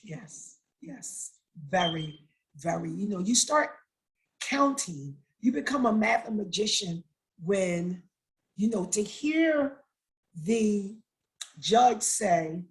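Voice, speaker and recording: A woman's voice: mid-range voice, slow, low-quality recording. A middle-aged woman, the mother of an incarcerated son, telling her story as an interview guest and acting out the dialogue with feeling. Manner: animated retelling, acting out dialogue. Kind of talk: emotional personal storytelling.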